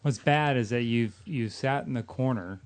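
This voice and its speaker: A man's voice: medium pitch, moderate pace. Dry teasing male podcaster. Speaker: podcast co-host. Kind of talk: casual chat.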